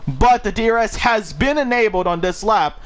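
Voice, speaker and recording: A man commentating a live sim racing league, excitable and quick to get swept up in the action. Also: high-pitched. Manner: excitable, gets swept up and laughs at busy moments. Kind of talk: live esports race commentary.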